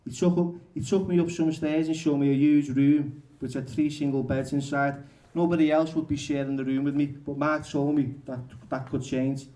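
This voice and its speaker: A male author reading his memoir aloud at a bookshop event, halting and correcting himself as he goes. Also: mid-range voice, warm tone. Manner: halting, restarts and self-corrections.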